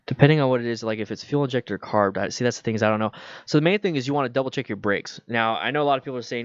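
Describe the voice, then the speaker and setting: Male host, relaxed rambling Q&A delivery, lo-fi dry mic. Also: mid-range voice, a little fast, clear, resonant tone, no room sound. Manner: chatty, loose, reads viewer questions aloud. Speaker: motorcycle channel host. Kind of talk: casual livestream Q&A.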